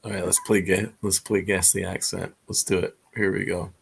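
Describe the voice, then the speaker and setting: A man's voice: low-pitched, flat delivery, normal speed, creaky, a little hiss or hum. A man co-hosting a casual livestream, teasing his friend and easily amused. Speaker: co-host.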